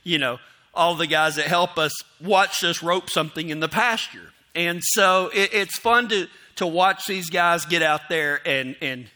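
Guy rambling through a funny cowboy story, high bright voice, talks to the crowd. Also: unhurried. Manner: rambling and self-mocking, acts out his inner voice in quotes. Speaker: storyteller speaking to an audience. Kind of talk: casual storytelling.

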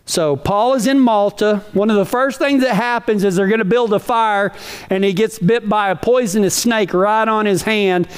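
A man's voice: high voice, moderate pace, clean tone. A man preaching a sermon in a folksy, emphatic way, full of rhetorical questions.

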